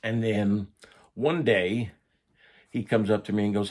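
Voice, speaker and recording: A man's voice: lowish voice, lively intonation, measured pace, gravelly, a little mellow. A middle-aged man casually telling a profane first-person story, acting out the voices of the people he quotes. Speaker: storyteller recounting prison life.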